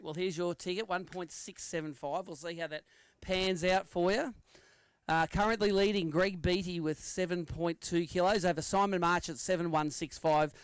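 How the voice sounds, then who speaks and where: A man's voice: sits high, clear, resonant tone, no echo. A man with an Australian accent hosting a live fishing weigh-in outdoors, chatty and joking as he reads out weights and standings. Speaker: weigh-in emcee.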